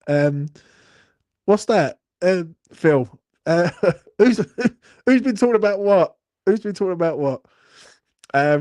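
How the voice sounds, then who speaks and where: A young man hosts a live watchalong stream, talking into his phone in a rambling, sweary, self-mocking style of casual chat. His voice sits at medium pitch with a darkish tone, and the sound is clean and studio-like with no echo.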